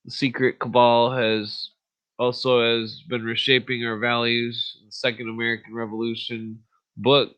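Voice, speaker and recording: A man's voice: medium pitch, a bit bright, rough recording. A man hosting a podcast, ranting bluntly with lots of swearing and fillers, then reading an article aloud. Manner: profane, blunt, frequent fillers. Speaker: podcast host.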